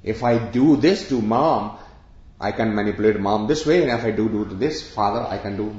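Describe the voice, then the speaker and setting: A man's voice: lowish voice, fairly quick, a little mellow. A man giving a spiritual discourse to an audience, explaining with everyday examples and questions. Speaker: spiritual teacher. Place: room with an audience of about sixty. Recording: echoey room, dull lo-fi sound.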